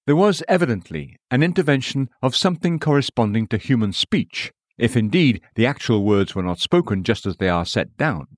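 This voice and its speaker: A man reads a devotional text aloud in a measured, scripted way, naming each scripture citation as he goes. His pitch rises and falls with plenty of movement. The sound is dry and close, with no room around it. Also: expressive, dry recording. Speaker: audiobook reader. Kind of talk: scripted narration of a devotional book.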